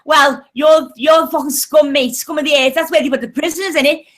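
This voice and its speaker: High bright-voiced swearing woman. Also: fairly even intonation, fairly quick. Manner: abusive, combative, swearing constantly. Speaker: voice chat room participant. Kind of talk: heated online voice chat argument.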